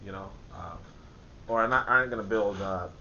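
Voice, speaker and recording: A man hosting a casual book discussion, rambling with lots of fillers and restarts and frequent laughs. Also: normal speed. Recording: muffled, faint background rumble.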